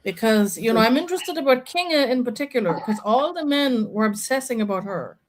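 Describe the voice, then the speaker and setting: A woman's voice: fairly high pitch, animated, a little fast, poor audio. A woman hosting a casual live chat about a reality show, opinionated and chatty, with lots of fillers.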